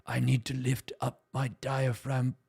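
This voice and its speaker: A man's voice: medium pitch, monotone, unhurried, creaky, darkish tone, slightly rough. A man casting a game tournament, chatting casually during a break in a rambling, self-amused way. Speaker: tournament caster.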